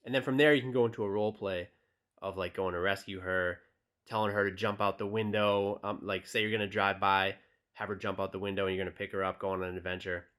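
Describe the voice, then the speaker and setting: Low-voiced casual male dating coach. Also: fast. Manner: relaxed, direct, many fillers. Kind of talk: casual tutorial talk, reading texts aloud.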